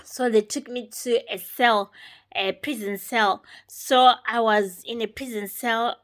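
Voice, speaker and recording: A woman with a somewhat high voice shares her personal testimony. She speaks unscripted and halting, going through events one step at a time. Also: steady tone, a bit bright.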